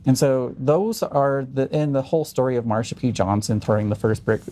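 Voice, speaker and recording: Male podcast guest, dark voice, rambling and provocative. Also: medium pitch, brisk, a little hiss or hum. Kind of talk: casual chat.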